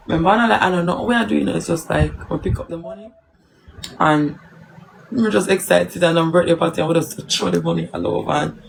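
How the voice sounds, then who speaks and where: A Jamaican woman hosts a casual live stream. She talks to her viewers and tells stories in patois, with a gravelly, fry-laden voice. A faint hiss of noise sits under the recording. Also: medium pitch, poor audio.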